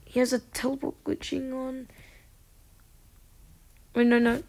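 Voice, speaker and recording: A woman with a high-pitched, gravelly voice hosts a gaming channel, offering casual, unhurried gameplay commentary. She breaks into excitable and frustrated outbursts along the way.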